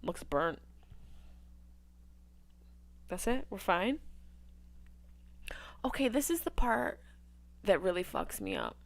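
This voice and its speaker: A woman hosting a live movie watch-along, riffing with crude jokes and swinging between loud outbursts and hushed asides. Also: fairly high pitch, huge pitch swings, measured pace, gravelly, long pauses, no room sound. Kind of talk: casual riffing commentary over a film.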